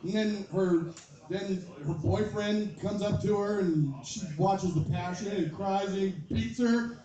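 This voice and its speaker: Male stand-up comic, rambling, erupts into shouted bits; higher voice, echoey room. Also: measured pace, muffled recording, crowd noise. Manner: rambling, shouts sudden impressions. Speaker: stand-up comedian. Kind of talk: stand-up set at an open mic. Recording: roomy, from a distance.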